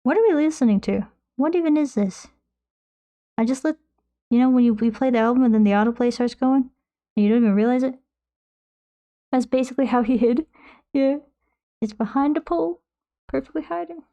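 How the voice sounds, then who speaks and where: Streaming while she paints, a young woman chats casually into a nearby desk microphone in a high, mellow voice, a little fast with long pauses. She rambles, pokes fun at herself, and reads her chat aloud to answer it.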